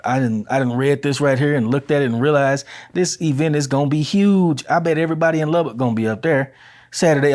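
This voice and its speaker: A chatty, easygoing podcast host records at home, casually sharing community announcements. He's laid-back and speaks straight to his listeners in a slightly high, somewhat mellow voice.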